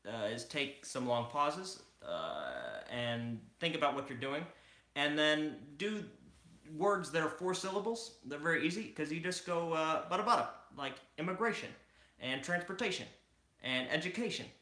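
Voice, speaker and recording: A man doing an impression of a male US president, speaking slowly and deliberately with long pauses. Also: a little high, animated, sharp tone. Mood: solemn. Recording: echoey room.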